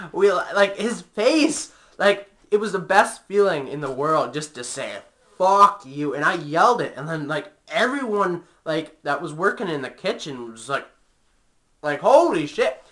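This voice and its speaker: A man's voice: a little high, lively intonation, measured pace, fairly bright tone. A young man tells an angry, profane story about his job in a casual rant, using plenty of fillers. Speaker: vlogger.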